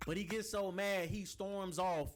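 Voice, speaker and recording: Slangy storytelling man, slightly high voice. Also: unhurried. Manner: animated storytelling, slangy, lots of asides. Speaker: podcast co-host telling a story. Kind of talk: casual chat.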